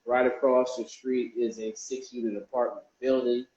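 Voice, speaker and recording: A man's voice: mid-range voice, flat delivery, moderate pace, darkish tone. A man, a real estate investor, talking casually to his viewers in a loose, rambling way with lots of restarts. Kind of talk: casual vlog talk to viewers. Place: indoors, a warm room. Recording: echoey room, dull lo-fi sound.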